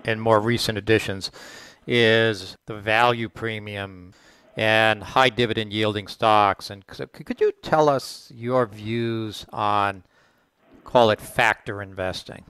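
A man hosting a podcast, asking an interview question in a deliberate, slightly halting way. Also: fairly low pitch, steady tone, fairly bright tone, smooth. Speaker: podcast host.

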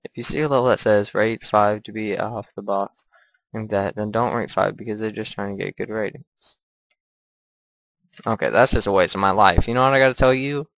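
A man's voice: fairly low pitch, steady tone, brisk, gravelly, a bit bright, dry recording. A man giving crude, profane let's play commentary while gaming. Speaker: gamer.

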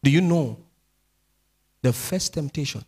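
A man preaching a midweek sermon as pastor, swinging between speech and sung, drawn-out phrases. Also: on the high side, expressive, darkish tone, slightly rough. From Nigeria.

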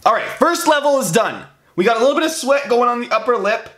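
A man's voice: very high voice, lively intonation, quick pace, very noisy. A man playing a hard platform game and raging, swearing constantly, yelping when he dies and laughing at himself. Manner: swears constantly, yelps and shouts when dying; self-mocking, laughs at himself. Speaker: gaming video host.

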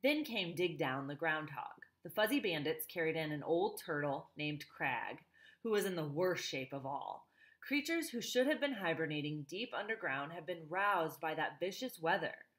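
Woman reading a chapter book out loud, lowish voice, chats to listeners in between. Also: expressive, moderate pace. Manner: chatty asides to listeners. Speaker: reader. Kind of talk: reading a novel aloud.

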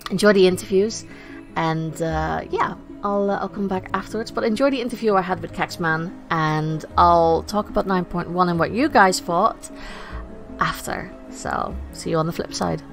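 A woman's voice: lowish voice, unhurried, faint music behind. A woman who is not a native English speaker, hosting a podcast in a casual, chatty way and laughing often. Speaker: podcast host.

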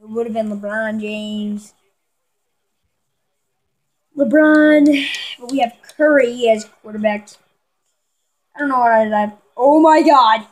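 Excitable high-voiced woman commentating gameplay. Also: slow pace, pauses often, rough recording. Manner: excitable, yells at big plays, talks to viewers. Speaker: gamer.

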